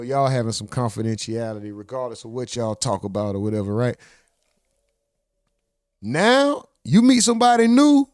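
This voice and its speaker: A fairly high-voiced man rants at his livestream chat in loose, profane slang, jumping up into mocking voices to act out other people. The sound is close and dry, with no room around him. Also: no room sound. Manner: animated, mocking voices of others with sudden pitch jumps; profane, slangy street talk addressing chat. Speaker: livestream host reacting to clips. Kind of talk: casual reaction commentary.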